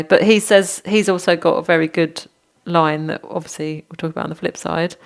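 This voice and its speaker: A woman's voice: on the low side, fairly even intonation, fairly quick, gravelly. A woman co-hosting a casual podcast about bad movies at home, giggly and blunt. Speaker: podcast co-host. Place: home, dog in the room.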